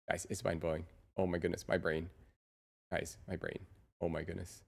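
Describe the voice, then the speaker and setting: A woman's voice: very deep voice, little pitch movement, moderate pace, vocal fry, husky. A woman streamer chatting casually with her viewers through a real-time AI voice changer, muttering to herself while she sets up her screens. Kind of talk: casual live-stream chat.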